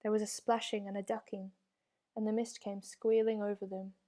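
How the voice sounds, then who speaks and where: A woman reading a children's storybook aloud with steady, expressive narration. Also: mid-range voice, moderate pace. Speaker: reader.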